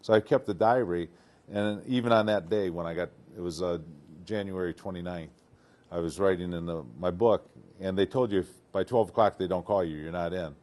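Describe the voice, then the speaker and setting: An older man from Detroit, formerly a football player, tells stories in a casual interview with a deep voice and a fairly quick pace. He's animated, acting out what people said and laughing often.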